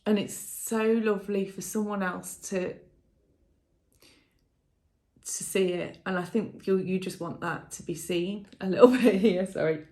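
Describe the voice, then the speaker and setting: A woman giving a tarot reading to viewers in a casual, emotional way, often laughing softly and thinking aloud with fillers and restarts. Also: mid-range voice, fairly even intonation, measured pace, pauses often. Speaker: tarot reader.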